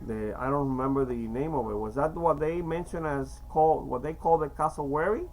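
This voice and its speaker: A man in his fifties from Cuba with a slight Cuban Spanish accent, talking in a rambling, halting way with many fillers and restarts. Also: a little high, a little mellow, rough recording. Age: 50s. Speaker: vlogger. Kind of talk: rambling casual monologue.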